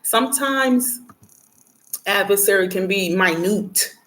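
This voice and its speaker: Speaking slowly at medium pitch, a woman presents a spiritual reading and prayer message. She rambles to her audience bluntly and casually, swearing and laughing, and becomes animated whenever she rants.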